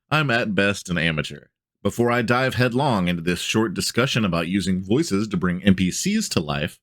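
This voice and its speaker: A man's voice: sits low, fairly bright tone, no room sound, clean studio sound. A man hosting a tabletop game channel, reading a blog post aloud and chatting about it in a laid-back way.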